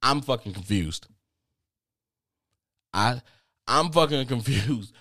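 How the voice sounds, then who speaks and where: A man hosting a podcast who tells a comedic personal story in an animated, exasperated way, swearing freely. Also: mid-range voice, takes it slowly, no room sound, clean studio sound. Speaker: podcast host.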